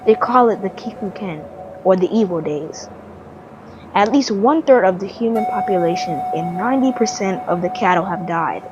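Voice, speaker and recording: A woman giving a measured, dramatic scripted narration of a historical story. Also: medium pitch, animated, lo-fi sound, background noise.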